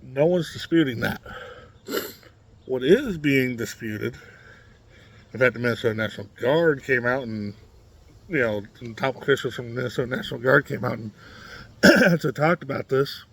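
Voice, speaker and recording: A man's voice: mid-range voice, moderate pace, pauses often, husky. A man from Nebraska giving a blunt, combative opinion monologue to camera, with many fillers and restarts. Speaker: political commentary vlogger.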